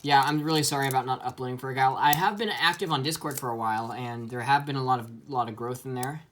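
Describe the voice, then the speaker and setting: A man's voice: mid-range voice, fast, a bit bright, a little hiss or hum. A man giving a casual, enthusiastic toy review, chatty and full of ums.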